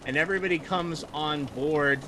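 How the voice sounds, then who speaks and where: Man GM, slightly high bright voice, faint hiss behind. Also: moderate pace. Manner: relaxed, full of fillers and restarts. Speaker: game master. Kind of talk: narrating a tabletop game.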